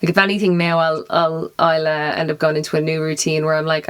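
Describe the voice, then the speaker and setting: A young woman co-hosts a relaxed podcast. Her voice sits fairly low, and she talks in a chatty way with giggles and fillers like "um" and "like.". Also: quick pace, clean tone. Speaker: podcast co-host. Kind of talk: casual chat.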